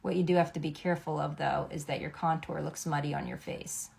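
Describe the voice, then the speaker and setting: A woman's voice: low voice, steady tone, a little fast, vocal fry, a little mellow. A middle-aged woman, a makeup artist, explaining a makeup routine step by step in a chatty, instructive way, often checking in with "okay?". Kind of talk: makeup tutorial.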